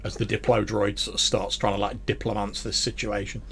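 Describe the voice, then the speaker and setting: A man's voice: fairly low pitch, little pitch movement, fairly quick, creaky, fairly bright tone, slight background noise. A man narrating a tabletop game as game master in a chatty, filler-heavy way.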